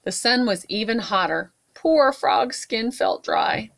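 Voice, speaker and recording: A woman at a library storytime, reading a picture book aloud to children with expressive asides. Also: fairly high pitch, takes it slowly, creaky. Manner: warm, expressive read-aloud with asides to kids.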